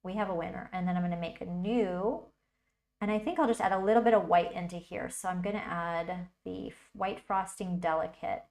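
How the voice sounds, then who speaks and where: A woman's voice: lowish voice, a little fast, darkish tone. A woman hosting a casual livestream tutorial, chatting and thinking aloud as she works. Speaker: tutorial host.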